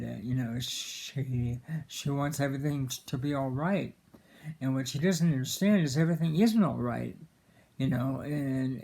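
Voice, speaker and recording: A man giving a casual, earnest film commentary, halting often with fillers and restarts. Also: medium pitch, vocal fry, a little mellow, slightly rough. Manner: earnest and emotional about the film.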